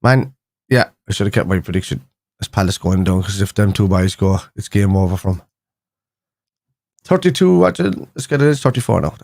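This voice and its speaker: A man's voice: sits low, expressive, moderate pace, creaky, a little mellow, dry recording, studio quality. A young man hosting a casual fan live stream, chatting loosely with viewers and rambling through restarts and fillers. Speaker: fan show host.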